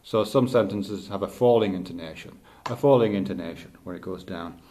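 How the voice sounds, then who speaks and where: A middle-aged male teacher thinking aloud in a halting, reflective way, with many restarts. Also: low-pitched, warm tone, slight background noise. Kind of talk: unscripted spoken reflection.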